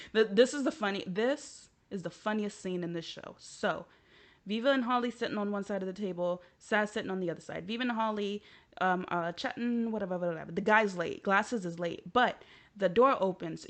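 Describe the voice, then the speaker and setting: A young woman from the United States talks casually about a show she loves, retelling scenes with lots of swearing and laughter. Her voice sits at an ordinary middle pitch, and her telling is lively and unscripted. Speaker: show recapper. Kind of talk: casual chat.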